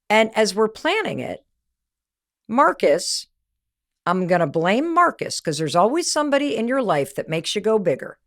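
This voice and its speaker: A woman's voice: mid-range voice, moderate pace. A woman podcast host and motivational speaker, telling a story emphatically and speaking straight to the listener. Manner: animated, emphatic, addresses listener directly.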